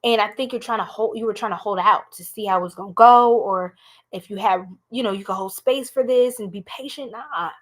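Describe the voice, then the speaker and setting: A woman with a New York accent giving a blunt, animated live tarot reading, talking straight to her viewers. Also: medium pitch, a little fast. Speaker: tarot reader.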